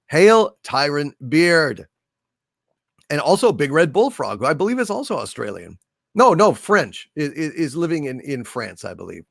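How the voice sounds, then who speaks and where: A man's voice: on the high side, big pitch swings, moderate pace, gravelly, fairly bright tone, no room sound, clean studio sound. A man hosting a live stream who reads viewer chat messages aloud and greets viewers theatrically. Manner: theatrical, hailing viewers grandly.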